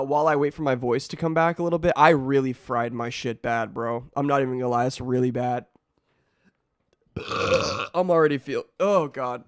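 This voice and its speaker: A young man streaming, his voice hoarse and nearly worn out. He rambles in slangy casual chat and keeps breaking off mid-sentence. The sound is dry and close to the mic, pitched a touch high. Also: dry recording. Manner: rambling, slangy, self-interrupting.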